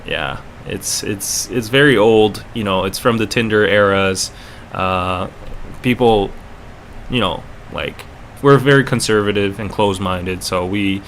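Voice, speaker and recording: A man's voice: fairly low pitch, gravelly, a bit bright, a little hiss or hum. A young Korean man with a North American accent, rambling in casual live-stream chat full of fillers and restarts. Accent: North American, learned in Canada. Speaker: podcast host and streamer.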